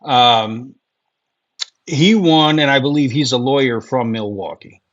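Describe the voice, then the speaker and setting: A man's voice: mid-range voice, a little slow, a bit bright. A middle-aged man from Wisconsin co-hosting a casual podcast, ranting and swearing, with lots of fillers and rambling asides. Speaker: podcast co-host. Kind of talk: casual chat. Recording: dull lo-fi sound.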